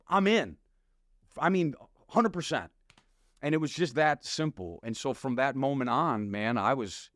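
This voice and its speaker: A middle-aged man shares a personal testimony in relaxed, animated conversation, slipping into the voice of his younger self as he tells it. His voice sits at an ordinary pitch for a man. It is recorded close and dry, with no room around it. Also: no echo. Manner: animated storytelling, acts out his past self with slang. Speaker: pastor and podcast guest. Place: podcast studio.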